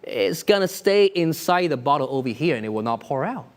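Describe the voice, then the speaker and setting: Male magician, high voice, very animated delivery, upbeat showman patter for an online show. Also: brisk.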